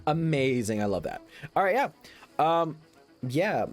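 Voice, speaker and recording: A man's voice: a little high, very animated, unhurried, faint music behind. A man narrating a tabletop role-playing game as game master, in a loose, rambling way with many fillers.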